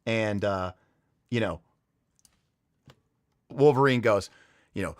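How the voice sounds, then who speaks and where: On a livestream, a man with a lowish voice tells a story at a slow pace, leaving long pauses. He rambles with enthusiasm, full of fillers and restarts, as he chats casually. The studio-quality recording has no room sound.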